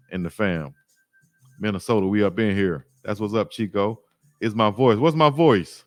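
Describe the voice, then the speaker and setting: A man from Alabama, hosting a sports livestream, telling stories in a slangy, lively way and reading chat comments aloud. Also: on the low side, dry recording, clean studio sound. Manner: slangy, animated storytelling, reads chat aloud. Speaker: sports YouTube host.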